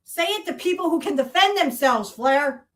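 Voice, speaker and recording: A woman with a high voice, hosting a podcast and ranting at length. She is heated and accusatory, swears freely and keeps hammering the same rhetorical challenges. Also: expressive, moderate pace, fairly bright tone. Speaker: podcast host. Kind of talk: angry monologue rant.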